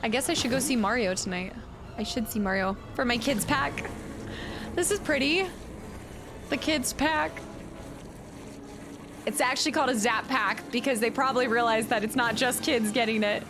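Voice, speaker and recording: Over music, a female streamer talks casually with her audience as she plays a game, her voice on the high side. She speaks at a moderate pace with frequent pauses, laughing a lot and thanking viewers for follows and donations.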